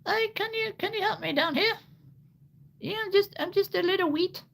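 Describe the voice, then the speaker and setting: A man voicing a tiny talking wheat plant that asks for help, in a very high, small, pleading voice. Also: normal speed, gravelly, fairly bright tone, exaggerated voice.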